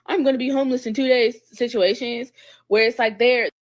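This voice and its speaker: A woman's voice: on the high side, fairly even intonation, fairly quick. A woman co-hosting a livestream, telling stories in chatty, slang-filled casual talk. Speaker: livestream co-host. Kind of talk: casual chat.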